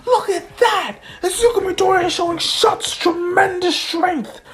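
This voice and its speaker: A man's voice: very high voice, a little slow, pitched above the performer's own voice. A man doing a screaming hyped-up sports announcer. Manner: shouting hype commentary. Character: loud excitable male sports announcer.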